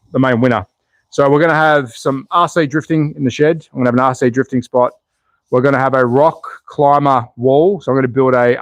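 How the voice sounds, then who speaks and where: A man's voice: medium pitch, dry recording. Chatty Australian man on a live stream. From Australia, Melbourne. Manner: chatty, thinks aloud, reads and answers chat. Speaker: slot car channel host. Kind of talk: casual live stream chat.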